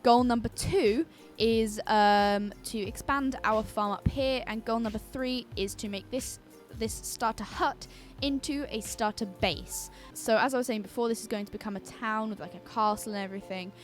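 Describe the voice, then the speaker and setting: A woman's voice: fairly high pitch, moderate pace, few pauses, soft background music. A young British woman chatting casually and rambling as she commentates her own gameplay, with giggles and cut-off swears. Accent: British English. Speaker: gaming YouTuber. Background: her own song playing faintly.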